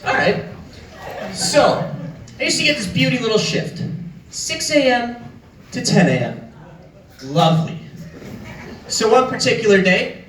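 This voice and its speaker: Animated young comedian, high voice. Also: male voice, measured pace, long pauses, a little hiss or hum. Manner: animated, profane storytelling. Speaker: stand-up comedian. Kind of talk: stand-up comedy. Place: comedy club stage. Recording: echoey club, far from mic, loud crowd.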